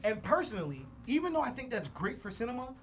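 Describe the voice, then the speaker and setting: A man's voice: very high-pitched, very animated, fast, a little hiss or hum. A man co-hosting a podcast, talking in a casual, opinionated, slangy way. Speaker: podcast co-host. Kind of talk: casual pop-culture chat.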